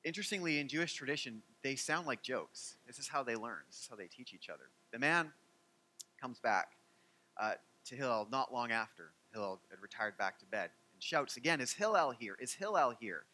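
A man preaching a sermon as pastor, animated and joking, with many fillers. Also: mid-range voice, brisk.

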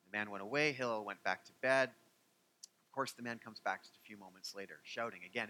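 Bright-voiced joking pastor. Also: male voice, medium pitch, normal speed. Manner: animated and joking, with many fillers. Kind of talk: sermon.

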